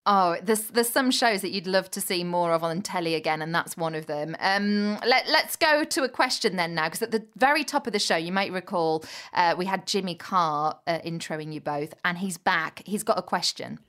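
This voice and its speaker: A woman hosting a radio talk show, briskly introducing guests and segments. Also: fairly low pitch, expressive, a bit bright.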